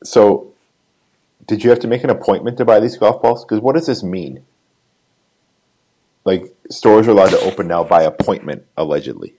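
A man's voice: lowish voice, moderate pace, long pauses, mellow, low-quality recording. A man co-hosting a podcast, chiming in with dry, teasing remarks. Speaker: podcast co-host. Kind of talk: casual chat.

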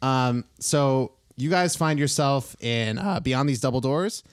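A young man narrating as game master in a tabletop game, pausing often with ums and uhs. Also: mid-range voice, clear, resonant tone, no room sound, studio quality. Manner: hesitant, many ums and uhs.

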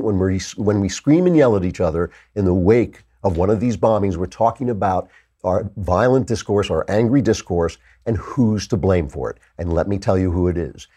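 A man hosting a political commentary show, delivering an animated, indignant monologue with sarcastic asides. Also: sits low, breathy edge. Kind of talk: opinionated monologue.

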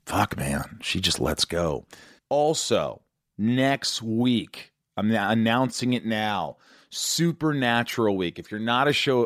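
A man's voice: lowish voice, no echo, studio quality. A man hosting a podcast, reading an upbeat, promotional show introduction. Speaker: podcast host.

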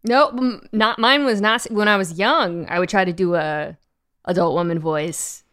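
A woman guest in casual podcast chat, talking in a flat, dry way. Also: mid-range voice, normal speed. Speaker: football analyst guest.

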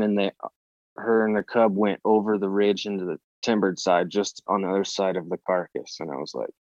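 On a podcast, a low-voiced male guest spins a story in relaxed talk, swearing liberally and playing out his own reactions with energy. The audio is dry and muffled.

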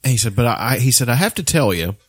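A man's voice: mid-range voice, big pitch swings, very fast, breathy edge, dry recording, clean studio sound. A man in casual podcast chat, telling rambling stories full of restarts and swearing. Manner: rambling storyteller, swears often, many restarts.

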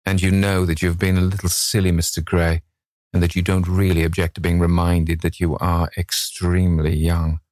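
A man's voice: low voice, flat delivery, moderate pace, a little mellow, no echo, studio quality, close to an everyday voice. A man voicing an earnest, devoted Victorian painter who speaks in an anxious, imploring way.

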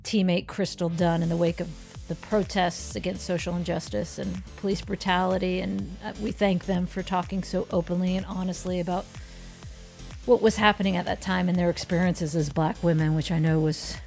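A woman's voice: on the low side, little pitch movement, normal speed, creaky, a little mellow, soft background music. A woman co-hosting a podcast, chatting casually and playfully with frequent laughter. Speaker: podcast co-host. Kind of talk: casual chat.

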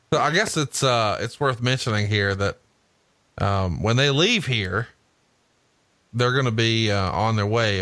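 Profane, bright-voiced man, dry sound. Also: on the low side, no room sound. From Huntsville, Alabama. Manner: profane, jokey, laughs often. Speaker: podcast co-host. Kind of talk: casual wrestling chat.

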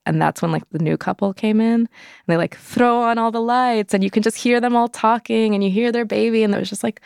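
A woman's voice: fairly high pitch, fairly quick, gravelly, darkish tone, clean tone, dry recording, studio quality. A young woman telling a personal story in an interview, candid and loose, full of "like" fillers. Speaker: interview guest.

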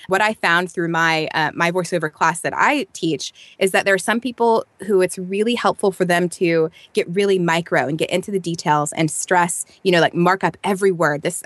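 A woman's voice: lowish voice, no room sound. A woman with a Midwestern accent, a voice-over artist and teacher, explaining her work in a casual interview. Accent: Midwestern American. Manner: relaxed, explanatory, chatty.

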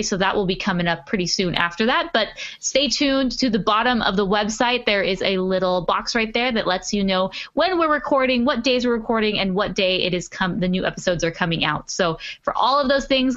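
A woman's voice: medium pitch, brisk, hardly any pauses, a bit bright, lo-fi sound. A woman hosting a podcast, chatting casually and upbeat with plenty of fillers. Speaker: podcast host.

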